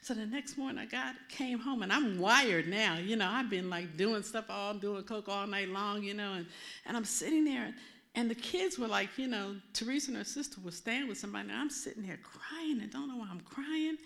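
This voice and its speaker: An older woman minister preaching, telling a personal testimony in a lively, storytelling way with many asides. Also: medium pitch, a little fast. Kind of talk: testimony sermon.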